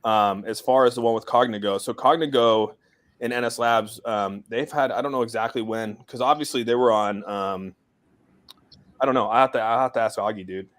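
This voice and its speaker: A man's voice: mid-range voice, normal speed. A man hosting a casual crypto livestream from outside in a shed, rambling with lots of fillers. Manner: rambling, filler-heavy, laid-back. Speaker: crypto community stream host.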